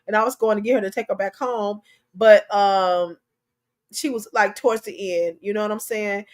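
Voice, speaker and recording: A woman's voice: medium pitch, steady tone, normal speed. A middle-aged woman hosting a talk show, giving emotional commentary on a news story, preachy and impassioned and repeating herself.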